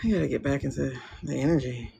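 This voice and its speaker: A woman's voice: rumbling low, quick pace, gravelly. A woman rambling casually to her livestream viewers from a room at home, greeting them by name as she chats. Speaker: livestream tarot reader. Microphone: phone livestream. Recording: lo-fi livestream with loud noise.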